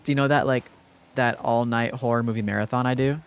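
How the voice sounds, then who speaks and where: Young man, streamer, smooth clear voice, casual rambling chat, mid-pitched. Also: fairly even intonation, quick pace. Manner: rambling, filler-heavy, thanks viewers.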